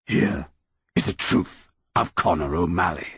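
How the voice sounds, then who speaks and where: A man voicing an ancient yew tree monster that speaks slowly and gravely. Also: sits low, no echo, lo-fi sound, heavily acted. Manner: slow, grave, measured.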